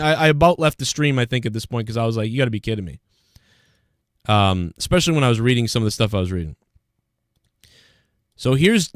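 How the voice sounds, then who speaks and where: Dude ranting on his stream reading chat, kinda high voice, dead dry mic. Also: no room sound. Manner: aggrieved, ranting, reads chat comments aloud. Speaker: livestream host. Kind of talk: casual livestream commentary.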